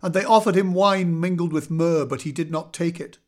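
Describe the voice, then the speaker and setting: A man reading scripture aloud in a measured, solemn way, slowing for weight. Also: fairly high pitch. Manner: measured, solemn reading with slow dramatic pauses. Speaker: scripture reader.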